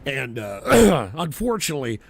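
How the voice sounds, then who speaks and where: Hoarse male livestream host, gravelly and animated, cursing through an angry political rant. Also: a little high, moderate pace. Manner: profane, angry ranting at chat. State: hoarse, strained throat. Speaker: political talk show host.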